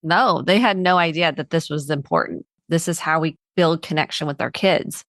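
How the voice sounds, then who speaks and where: A woman's voice: low voice, animated, normal speed, a bit bright, dry recording, clean studio sound. A woman hosting a podcast interview, earnest and affirming as she builds on her guest's points. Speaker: podcast host and therapist.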